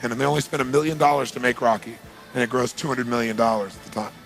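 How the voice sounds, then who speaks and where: Gravelly, animated man telling a story. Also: medium pitch, quick pace, soft background music. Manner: animated, emphatic, asks rhetorical questions. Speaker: motivational speaker. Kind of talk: storytelling speech.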